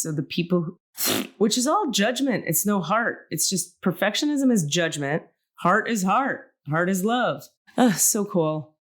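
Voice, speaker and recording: A middle-aged woman hosting a podcast in casual chat, emotional and gushing, talking in quick bursts with restarts. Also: lowish voice, animated. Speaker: podcast host.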